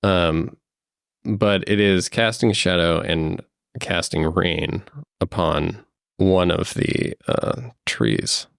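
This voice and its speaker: A man's voice: low-pitched, lively intonation, slow pace, vocal fry, clear, resonant tone, dry recording, clean studio sound. A man narrating as game master of a tabletop game, hesitant with many ums and uhs. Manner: hesitant, fills with um and uh.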